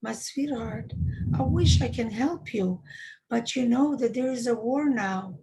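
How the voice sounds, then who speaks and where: A woman voicing a kind, serious king who speaks gently to a child. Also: fairly high pitch, unhurried, vocal fry, slight background noise, rough recording. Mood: gentle.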